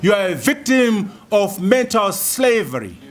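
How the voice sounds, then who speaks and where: A man's voice: high voice, very animated, a little slow, over music. A man from Zimbabwe giving a rousing university lecture, full of rhetorical questions and repeated slogans. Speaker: guest speaker.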